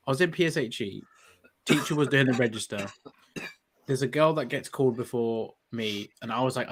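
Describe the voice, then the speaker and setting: A young man with a bright, forward tone rants freely in a loose group chat. He swears constantly, with a faint hiss under the recording. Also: medium pitch, expressive, a little fast. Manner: ranting, heavy swearing. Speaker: podcast co-host.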